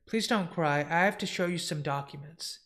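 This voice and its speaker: Man reading a frail, gentle old woman. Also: on the high side, normal speed, close to an everyday voice. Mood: tender. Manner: soft, fond, apologetic.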